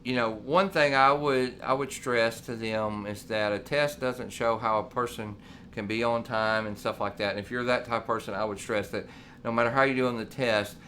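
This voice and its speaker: A man's voice: medium pitch, fairly even intonation, moderate pace, fairly bright tone, a little hiss or hum. A man, co-hosting a casual talk show and telling long stories full of quoted dialogue. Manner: rambling, storytelling with quoted dialogue. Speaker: podcast co-host. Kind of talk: casual chat.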